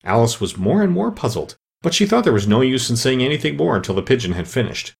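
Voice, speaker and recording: Gravelly man reading a storybook. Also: mid-range voice, very animated, fast. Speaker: narrator.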